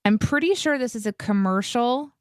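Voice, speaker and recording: On a live morning show, a woman in her thirties with a fairly high pitch tells a story at a moderate pace. She co-hosts in a casual, animated, upbeat way. The recording is dry and studio quality.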